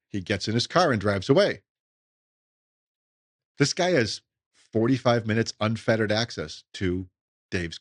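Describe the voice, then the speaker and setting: Middle-aged male podcast host, low voice, casual animated storyteller, dry close mic. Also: dry recording. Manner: animated, acts out quoted voices, restarts words. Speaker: podcast host, retirement advisor.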